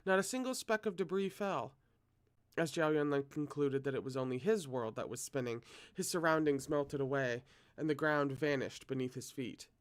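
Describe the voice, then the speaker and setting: A man reading a novel aloud at a steady pace, now and then correcting himself. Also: fairly high pitch, normal speed, clear, resonant tone. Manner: steady, occasional self-corrections. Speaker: reader.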